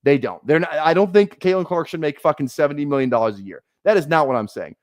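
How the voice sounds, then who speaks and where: A man's voice: a little high, lively intonation, quick pace, darkish tone, dry recording, studio quality. A man streaming a fantasy football draft, ranting heatedly at his chat with lots of swearing and repeated phrases. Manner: heated, profane, repeats himself. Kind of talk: ranting live stream commentary.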